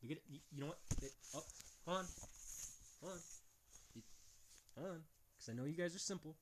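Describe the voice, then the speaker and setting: A man's voice: on the high side, brisk, a little hiss or hum. A man reading book passages aloud and breaking in with crude, mocking remarks. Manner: blunt, crude, mocking, swears often; reads passages aloud then comments. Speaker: video host reading from books. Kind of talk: casual, profane commentary reading quotes aloud.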